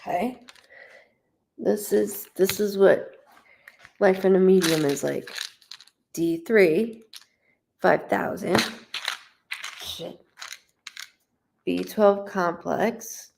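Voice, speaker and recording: A woman's voice: mid-range voice, very slow, vocal fry, long pauses, background noise. A woman working as a psychic medium on a casual live stream, talking straight to the viewer in a blunt way and swearing freely.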